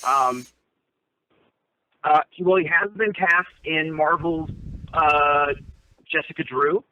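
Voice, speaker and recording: A man's voice: on the high side, slow, no room sound. Man rambling over a tinny phone line. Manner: rambling, with many fillers and restarts. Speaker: co-host. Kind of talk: casual chat. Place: parked car.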